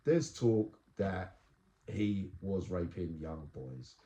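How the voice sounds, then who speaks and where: A male podcast host from England, blunt and rapid-fire with his questions in a casual interview. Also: deep voice, animated, dark tone, highs cut off. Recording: echoey room.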